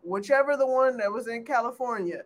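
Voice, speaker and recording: Podcast co-host, blunt and joking, quick interjections in casual chat. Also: medium pitch.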